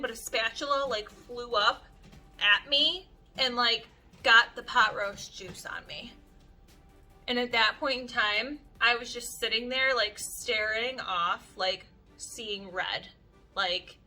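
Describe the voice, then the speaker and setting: A young woman chats to her camera in a lively, storytelling way, with "like" in nearly every line. Her voice is slightly high and very bright. Faint music plays behind her. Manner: animated, chatty, heavy use of "like". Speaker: beauty vlogger. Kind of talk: casual storytelling chat to camera.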